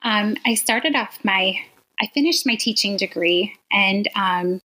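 Woman, forties, from Wisconsin, teacher, interview guest, bright clear tone, earnest, laughs often. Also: medium pitch, unhurried, rough recording. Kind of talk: casual interview conversation.

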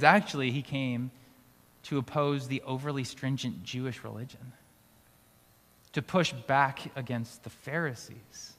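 Male pastor, mid-pitched, relaxed conversational sermon, recorded with long hall reverb. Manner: conversational preaching with restarts and light laughs. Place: school auditorium used for church gathering.

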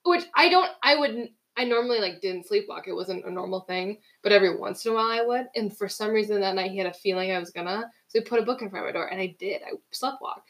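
A woman's voice: medium pitch, fast talker, hardly any pauses. A young woman co-hosting a podcast, telling stories in casual chat and acting out what people said. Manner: animated storytelling, acts out quotes. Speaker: podcast co-host.

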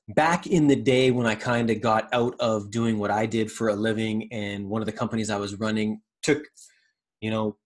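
A man hosting his own motivational podcast, talking casually and earnestly, rambling, pausing to search for words, and swearing freely. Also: on the low side. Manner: earnest and reflective. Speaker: podcast host. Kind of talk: motivational monologue.

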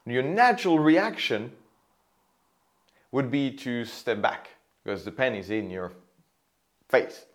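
A man teaching how to place the voice for sales, explaining with a pen example in an animated way. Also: medium pitch, slow pace, long pauses. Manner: animated, demonstrates loud and whispered voices. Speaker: voice and sales coach. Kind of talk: teaching monologue.

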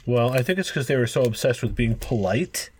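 A man's voice: medium pitch, animated, brisk, slight background noise. A man co-hosting a casual podcast, easygoing and bantering. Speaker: podcast co-host. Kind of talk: casual chat.

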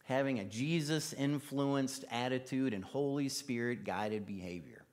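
A man's voice: medium pitch, unhurried, darkish tone. A man preaching a casual, conversational sermon in church, using plenty of fillers. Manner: casual, chatty, with many fillers.

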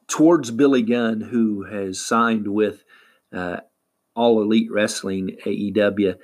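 Male recap host, casual and halting, unhurried delivery, plenty of filler words. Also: on the low side, steady tone. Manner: halting, many fillers and restarts. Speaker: wrestling podcast host.

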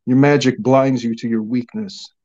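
A man's voice: medium pitch, fairly even intonation, normal speed, darkish tone, dull audio, lightly acted. A man voicing a stern, confident wizard who speaks in a cold, clipped way, in a storybook reading.

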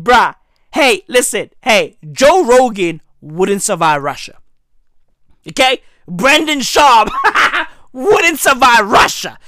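A man giving a comedic, profane news rant. He is hoarse from losing his voice and keeps tossing in "right?" and "bruh". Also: high voice, a bit bright, dry recording, studio quality. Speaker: commentary vlogger.

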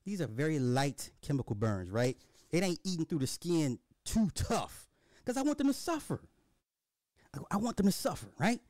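Casual: crude podcast guy riffing a story, highish voice, very dry sound. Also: moderate pace, no room sound. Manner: profane, animated, repetitive storytelling. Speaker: podcast host. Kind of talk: dark comedic monologue.

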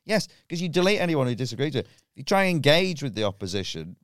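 A man's voice: mid-range voice, big pitch swings, fast talker, a bit bright, no room sound, clean studio sound. A middle-aged man, a comedian guest chatting casually on a podcast, swearing a lot, ranting and laughing often.

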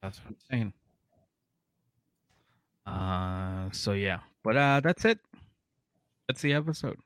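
A man's voice: fairly low pitch, slow pace, clear, resonant tone, no echo, studio quality. A young man co-hosting a comedy podcast, profanely retelling a show and acting out the people in it. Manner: animated, profane, acts out voices while retelling. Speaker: podcast co-host. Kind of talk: casual comedic chat, recapping a reality show.

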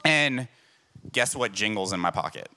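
A man's voice: on the low side, animated, moderate pace, noisy background. A man preaching a sermon, telling personal stories in an emphatic, self-deprecating way. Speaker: pastor.

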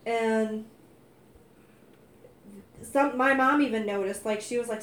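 A woman's voice: on the high side, steady tone, slow pace, pauses often, echoey room, slight background noise. A woman telling her faith testimony in casual conversation, earnest and emphatic, growing heated as she quotes herself. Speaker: wife sharing testimony.

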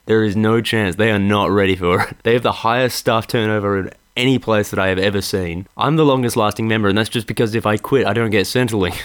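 A man's voice: lowish voice, fairly even intonation, fast, few pauses, clean tone. A young Australian man telling a comic story in a monologue, sweary, exasperated and laughing as he goes.

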